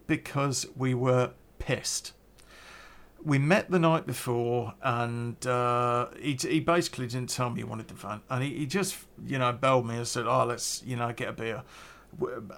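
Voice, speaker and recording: A middle-aged man tells a personal story in a loose, unscripted way. He rambles, hesitates and circles back over his words, leaning on fillers as he goes. His voice sits at an ordinary, mid-range pitch for a man. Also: a bit bright. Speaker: podcast storyteller. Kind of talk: casual spoken storytelling.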